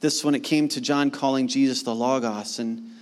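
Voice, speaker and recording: A pastor in his thirties preaching a sermon in a casual, animated way, full of slang and acted-out asides. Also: mid-range voice, moderate pace.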